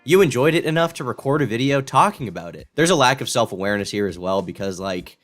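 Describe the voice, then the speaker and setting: A man's voice: mid-range voice, expressive, fast, faint music behind. A man hosting a reaction commentary, crude, mocking and sarcastic. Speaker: commentary host.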